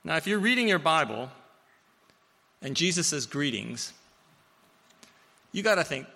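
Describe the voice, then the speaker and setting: Animated male preacher in a reverberant hall. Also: a little high, fairly quick, gravelly. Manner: storytelling, animated, with playful asides. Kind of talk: sermon.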